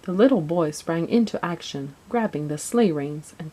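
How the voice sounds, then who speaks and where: Low-voiced woman reading a storybook. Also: lively intonation, moderate pace, few pauses, dark tone, rough recording. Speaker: narrator.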